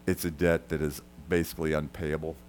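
Man preaching, very deep voice, conversational, swings between hushed and loud, slight background hum. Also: level tone, a little fast. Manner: swings from soft and quiet to loud and high for emphasis; conversational, addresses listeners directly. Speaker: pastor. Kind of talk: sermon.

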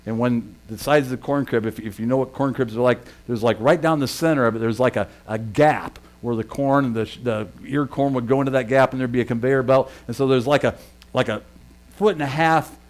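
A middle-aged male pastor preaching and telling a lively personal story, shouting and laughing at its peaks. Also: mid-range voice, fairly quick.

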